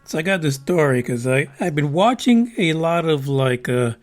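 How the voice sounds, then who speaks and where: Profane, high-voiced podcast host. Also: male voice, animated, moderate pace, faint music behind. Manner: profane, rambling, wisecracking asides. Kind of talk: casual podcast news commentary.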